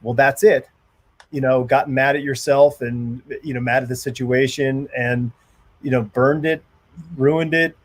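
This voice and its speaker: A man hosting a podcast, asking casual questions in a halting way with many restarts. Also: medium pitch, steady tone. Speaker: podcast host.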